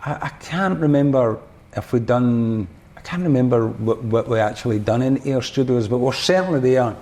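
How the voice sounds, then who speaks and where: A man's voice: medium pitch, moderate pace, a little mellow. A man with a Scottish accent, a podcast guest and former drummer, telling a rambling story full of restarts and fillers. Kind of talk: casual storytelling.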